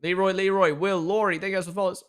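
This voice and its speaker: A man's voice: sits high, racing, clean tone. A man hosting a live race watchalong, reacting to the action and chatting casually with his viewers, reading their comments and thanking followers. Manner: excitable, chatty, reads out chat and thanks followers.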